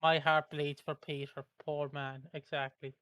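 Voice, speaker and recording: Teasing man, slightly high voice. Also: level tone, fairly bright tone, clear, resonant tone, no echo. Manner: teasing, jokey, quick to laugh. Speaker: co-host reacting to a soap episode. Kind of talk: casual watch-party chat.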